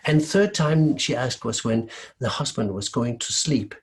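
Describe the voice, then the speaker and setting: A man from Denmark telling a folk tale aloud in a lively, expressive way. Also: mid-range voice, unhurried. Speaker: storyteller. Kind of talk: oral folk-tale storytelling.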